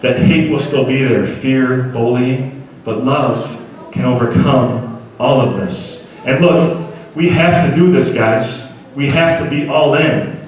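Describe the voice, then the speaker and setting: A man's voice: mid-range voice, slow, hardly any pauses. A man giving a motivational storytelling talk to schoolchildren at an assembly, earnestly asking the crowd to agree with him. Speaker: motivational speaker. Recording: very echoey hall, voice from far off.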